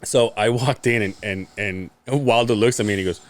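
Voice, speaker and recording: A man's voice: lowish voice, normal speed. A man, a podcast co-host, telling a story in casual chat, acting out quotes, laughing and swearing freely.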